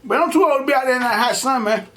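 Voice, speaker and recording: Here the mukbang host talks rapid-fire in an extremely high voice, with a little hiss or hum in the audio. He tells laid-back, slangy stories while eating on camera, animated and emphatic, impersonating whoever he quotes.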